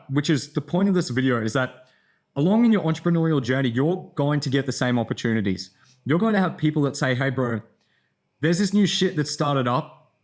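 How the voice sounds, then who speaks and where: A tired young man in a casual vlog, telling a rambling story with lots of fillers and swearing. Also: a little high. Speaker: content creator.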